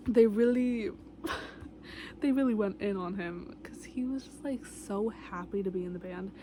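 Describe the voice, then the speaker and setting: Gushing over a book and its TV show, a young woman vlogger rambles casually and fills her speech with filler words. She has a warm, mid-range voice, and there's a little hiss or hum on the recording.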